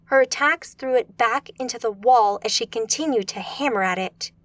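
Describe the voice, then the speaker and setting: A woman narrating a fantasy audiobook in a steady, measured storytelling manner. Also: fairly high pitch, dry recording.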